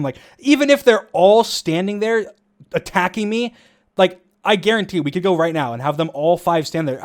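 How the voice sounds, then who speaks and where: Chuckling young streamer man, slightly high. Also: big pitch swings, moderate pace. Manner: rambling, restarts, frequent chuckles. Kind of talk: casual gaming commentary.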